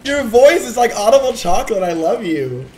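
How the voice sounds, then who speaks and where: A man streaming with friends in a casual joking group chat, often shouting an exaggerated bro voice. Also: high-pitched, sing-song, normal speed, background noise. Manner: loud exaggerated bro voice, yelling "whoa dude".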